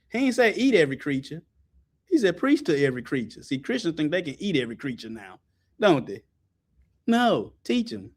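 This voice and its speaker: High, lively man preaching loudly. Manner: loud, laughing, colloquial, shouts for emphasis. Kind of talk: animated sermon with scripture call-and-response.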